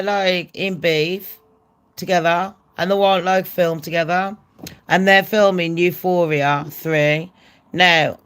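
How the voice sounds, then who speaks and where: A middle-aged woman with a nasal voice, hosting a gossip vlog in a brash, sweary, chatty way. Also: lowish voice. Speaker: gossip channel host.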